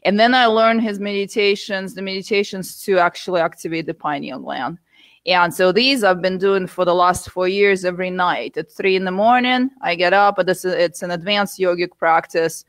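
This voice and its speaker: A woman from the United States, a guest telling her story candidly with animated asides. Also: lowish voice, normal speed, dry recording. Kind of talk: interview conversation.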